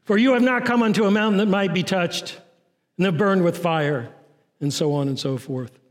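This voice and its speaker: A man delivers a sermon in a notably high voice, his intensity rising on urgent lines and sinking low and quiet on others. The sound carries a long reverb, as if recorded in a large hall. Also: moderate pace. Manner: preaching with rising and falling intensity, dropping low and soft on key lines. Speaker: pastor.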